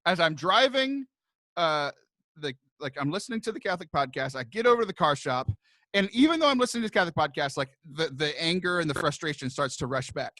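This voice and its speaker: Young guy rambling thru a story on a podcast, bright forceful voice, dry close sound, lots of restarts. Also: fairly high pitch, fast talker, no echo. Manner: animated, rambling with restarts and laughs. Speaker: podcast co-host. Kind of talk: casual storytelling chat.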